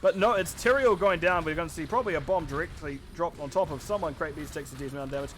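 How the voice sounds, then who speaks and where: A man casting a live esports match with quick, chatty play-by-play commentary, often correcting himself mid-sentence. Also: a little high, faint music behind. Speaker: esports caster.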